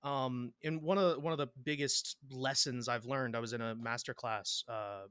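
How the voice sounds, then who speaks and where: Bright-voiced rambling man, podcast guest. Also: medium pitch, steady tone, normal speed, smooth, no echo, studio quality. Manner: rambling, repeats words, laughs often. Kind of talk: casual interview chat.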